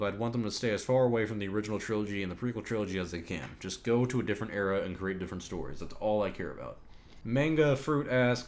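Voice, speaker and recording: Opinionated man hosting a casual podcast. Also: lowish voice. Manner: opinionated, swears when ranting. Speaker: podcast host answering viewer questions.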